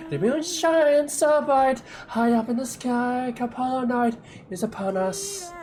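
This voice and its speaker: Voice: high voice, pitched above the performer's own voice. Streamer voicing a pompous bard with a soaring voice. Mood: declaiming. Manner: grandiose, drawn-out theatrical declaiming. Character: flamboyant self-important male poet-bard. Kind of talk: voicing game dialogue.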